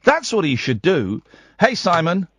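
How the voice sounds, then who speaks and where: A man's voice: high-pitched, wildly swooping pitch, a little slow, fairly bright tone, husky. A man hosting a comic phone-in radio show, rambling and teasing his callers with sarcasm.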